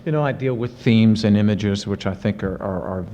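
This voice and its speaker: A man, an author and professor, answering audience questions in lively storytelling with many restarts and fillers. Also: fairly low pitch, moderate pace, big-room sound, a little hiss or hum. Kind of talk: casual spoken Q&A. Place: university lecture event. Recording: muffled 1970s archive recording.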